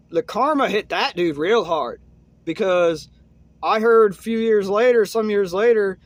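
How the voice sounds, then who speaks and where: A young man casually telling a rambling story, filling it with "man" and "uh" and dropping low and soft at grim moments.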